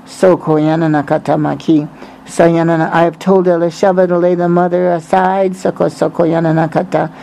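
A woman's voice: on the low side, little pitch movement, normal speed, gravelly, warm tone, slight background noise, low-quality recording. A woman speaking in tongues, chanting rhythmic repeated syllables between prophetic lines spoken in the first person as God.

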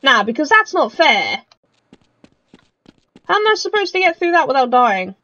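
A woman's voice: high-pitched, big pitch swings, normal speed, pushed and bright. A woman giving chatty, joking commentary while she plays a game. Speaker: let's play gamer. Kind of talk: casual gaming commentary. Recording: dull lo-fi mic with faint noise.

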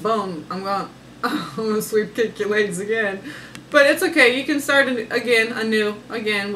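A woman's voice: medium pitch, a bit bright, slight background noise, low-quality recording. A woman giving a casual, sassy tarot reading, talking emphatically and laughing often. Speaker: tarot reader.

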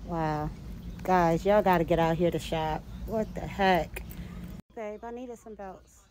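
A woman's voice: fairly low pitch, takes it slowly, a little mellow, a little hiss or hum. A woman vlogging a walk through a large store, talking to her viewers in a gushing, exclamatory way while someone else holds the camera. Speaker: vlogger and product owner. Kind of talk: casual store walkthrough vlog. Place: large retail store, indoors. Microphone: camera held by another person.

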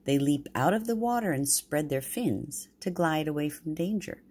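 A woman's voice: sits low, animated, normal speed, a little mellow, husky. An older woman voicing a kindly, learned male bear professor in a storybook read-aloud, explaining patiently.

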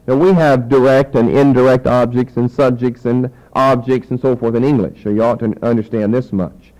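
A man's voice: medium pitch, fairly even intonation, moderate pace, darkish tone, low-quality recording. A man teaching a Bible lesson, explaining points emphatically and spelling out words letter by letter.

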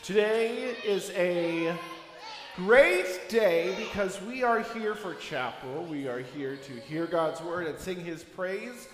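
A man leading a children's chapel service, playfully coaxing the kids with call-and-response, shouted cues and story. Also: high-pitched, animated, slow. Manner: playful, coaxing a young crowd, bursts of shouting and singing. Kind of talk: children's chapel talk with songs. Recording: echoey hall, long reverb.

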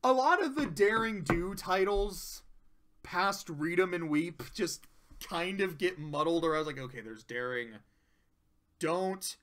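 A man's voice: high-pitched, measured pace, a bit bright. A man giving a casual, rambling and profane review of cartoon episodes, often breaking into laughter. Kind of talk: casual commentary.

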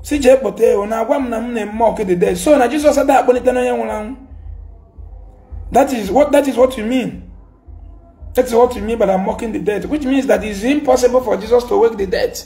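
Scolding Nigerian man with a gravelly voice. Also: very high-pitched, fast, warm tone, soft background music. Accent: Nigerian, Igbo. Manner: mixing Igbo and English, repetitive, scolding. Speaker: commentator. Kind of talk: heated social media rant.

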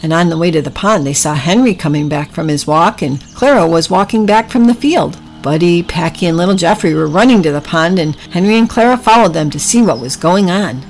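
A woman narrating a children's story with gentle, drawn-out emphasis. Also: lowish voice, lively intonation, faint music behind, rough recording.

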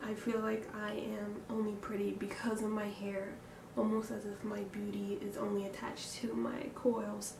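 A woman's voice: mid-range voice, completely flat delivery, moderate pace, vocal fry, hardly any pauses, a little mellow. A young woman talking openly to camera in a personal vlog, reflective and hesitant, breathing hard from nerves. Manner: reflective and candid, with hesitant fillers and sighs. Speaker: vlogger. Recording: echoey room, distant mic, background noise.

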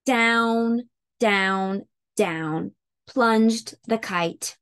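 A woman teaching preschool circle time who reads a picture book aloud with expressive sound words. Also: mid-range voice, very slow, clear, resonant tone.

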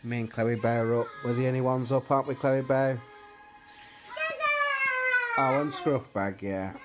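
A man's voice: medium pitch, fairly quick, over music. A British man vlogging casually at home on a handheld phone, rambling with lots of fillers and restarts. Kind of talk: casual daily vlog chat. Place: at home, indoors.

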